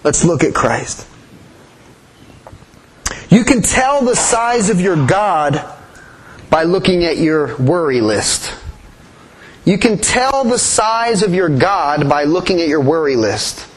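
A man's voice: a little high, very animated, takes it slowly, long pauses, breathy edge, poor audio. A man preaching a sermon in an earnest way, often repeating his key phrases. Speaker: pastor.

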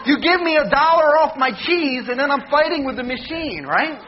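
A man preaching a humorous sermon, telling jokey stories with animated mock shouting. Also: extremely high pitch, moderate pace, muffled recording, noisy background.

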